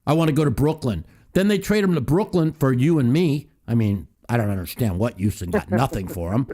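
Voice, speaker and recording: A man's voice: medium pitch, a little fast, warm tone. A man hosting a call-in talk show, ranting heatedly with profanity and mocking quotes.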